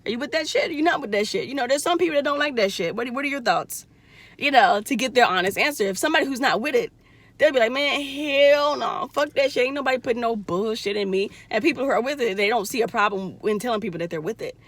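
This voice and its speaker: A young woman talks straight to her viewers in a blunt, profane way, acting out each line of a conversation. Her voice sits a little high for a woman. The sound is dry and close, with no room echo. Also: fast talker. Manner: blunt, profane, animated retelling with quoted voices. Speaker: vlogger. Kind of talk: casual storytelling to viewers.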